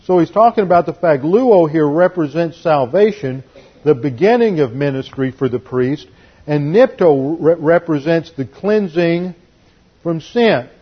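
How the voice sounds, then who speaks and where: Husky man teaching a Bible passage. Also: fairly high pitch, expressive, measured pace, dull audio. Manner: emphatic, explains Greek and Hebrew words. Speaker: preacher.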